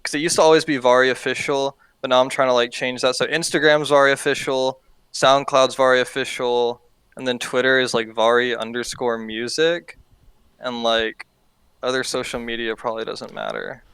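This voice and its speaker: A man's voice: mid-range voice, flat delivery, normal speed, a bit bright, smooth, dry recording. A young man, a music producer, chatting casually as a podcast guest, laid-back and slangy, swearing and laughing easily.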